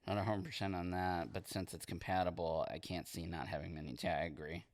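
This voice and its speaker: A man streaming as he paints miniatures, chatting casually in a relaxed, rambling way and reading viewer comments aloud. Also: low-pitched, a little fast, no room sound. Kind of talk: casual livestream chat while painting.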